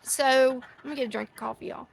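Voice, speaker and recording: A middle-aged woman hosts a casual outdoor chat for a live audience near quacking ducks, rambling and easily sidetracked. Her high voice has vocal fry and fairly even intonation, and she talks fairly quickly. A little hiss or hum can be heard.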